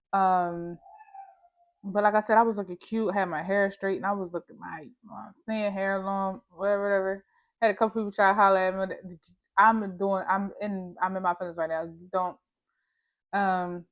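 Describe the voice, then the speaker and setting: On a lo-fi recording, a medium-pitched woman vlogger tells a personal story in a casual storytime monologue. She speaks straight to the viewer, candid, slangy, and emphatic.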